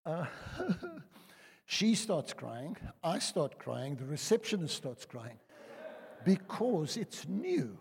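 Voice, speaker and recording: An older South African man preaching a sermon, telling personal stories in a chatty way that swings between loud and hushed. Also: a little high, takes it slowly, gravelly, breathy edge. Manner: conversational storytelling, lively swings from loud to hushed. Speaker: pastor. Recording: reverberant church hall.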